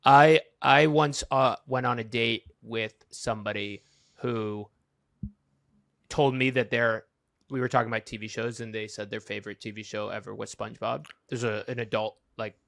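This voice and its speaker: A man's voice: medium pitch, fairly even intonation, normal speed, creaky, a bit bright, no room sound. A man co-hosting a casual comedy podcast, telling a laid-back anecdote. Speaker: podcast co-host.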